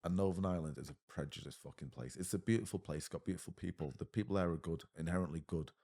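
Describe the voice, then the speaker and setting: A man in his thirties with an English accent speaks as a podcast guest, his voice sitting low and his words coming out quickly. He is blunt and swears freely, and he drops "mate" into almost every thought. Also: vocal fry, mellow. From England. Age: 30s. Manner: blunt, heavy swearing, says mate often. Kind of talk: casual conversation.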